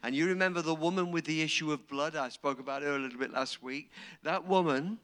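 A man preaching a sermon, dramatic and storytelling, acting out quotes and rising to shouts. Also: on the high side, quick pace.

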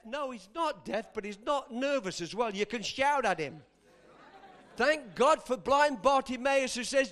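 A man preaching a sermon, animated and bursting into shouts at moments of emphasis. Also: very high-pitched, unhurried.

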